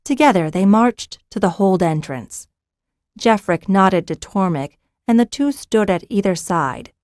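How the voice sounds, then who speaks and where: A woman with a lowish voice reads a fantasy audiobook in an even, measured scripted narration. The studio-quality recording has no room sound.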